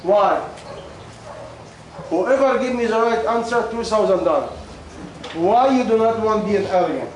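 A man's voice: sits high, expressive, moderate pace, pauses often. A man preaches, repeating questions and coaxing answers from the crowd. He is losing his voice. The sound rings around a big echoing hall with faint noise. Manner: questioning, repetitive, coaxing the audience. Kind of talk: sermon with call and response. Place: large echoey hall with audience.

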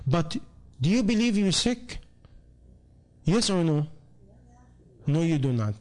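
A man's voice: fairly high pitch, sing-song, slow pace, long pauses, darkish tone. A man giving a sermon who keeps putting rhetorical questions to his listeners and speaks English with non-native grammar. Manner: rhetorical questions put to the audience. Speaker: preacher.

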